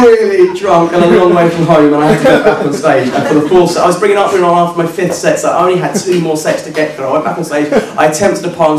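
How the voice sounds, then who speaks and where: A man with a high-set voice telling a funny true story on stage, self-mocking and lively. He is heard from a distance in a very echoey club, an audience laughing around him. Sounds like a live recording from the back of the room. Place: working men's club stage. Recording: echoey club from far off, crowd.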